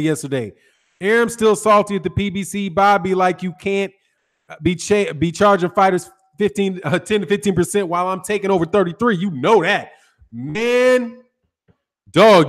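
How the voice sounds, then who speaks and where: High-voiced Chicago man chatting on a stream. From Chicago, North Side. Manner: loose slangy talk, greets chat by name. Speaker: boxing channel host. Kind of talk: casual live stream chat.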